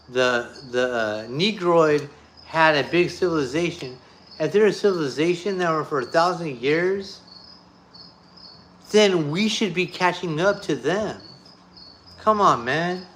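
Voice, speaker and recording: A man with a voice pitched a bit high rants to camera in a loose, unscripted monologue. He is blunt and profane and hammers the same phrases again and again. Faint crickets chirp behind him. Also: slow pace, fairly bright tone, slight background noise. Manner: blunt, profane, repetitive ranting. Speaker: YouTuber. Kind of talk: off-the-cuff monologue.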